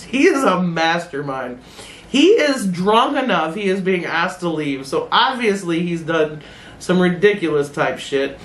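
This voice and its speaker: A woman's voice: fairly low pitch, fairly bright tone. A middle-aged woman hosting a casual reaction video, blunt and laughing, swearing freely as she comments. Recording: roomy echoey room.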